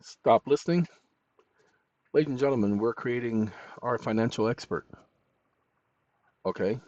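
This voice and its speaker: A man's voice: medium pitch, normal speed, darkish tone, no room sound. A man hosting a tutorial, dictating prompts aloud with spoken punctuation between loose, chatty asides. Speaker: channel host. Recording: dull lo-fi recording.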